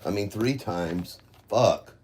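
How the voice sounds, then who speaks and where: A man's voice: fairly low pitch, takes it slowly, darkish tone. A man livestreaming an emotional apology from his phone at home, frustrated and swearing, muttering to himself.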